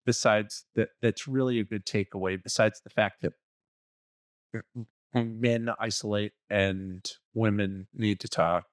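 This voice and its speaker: Unhurried and fairly low-pitched, with fairly even intonation, a man co-hosts a relationship coaching podcast in a dry, studio-quality recording. He offers blunt, profane advice in a casual way and plays out small scenes of quoted dialogue.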